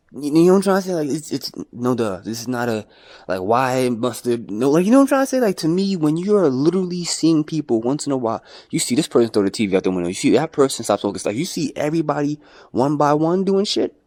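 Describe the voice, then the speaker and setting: A man's voice: mid-range voice, big pitch swings, a little fast, darkish tone, no room sound. A man ranting in a rambling, profane vlog monologue, jumping between mocking voices and his own. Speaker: vlogger.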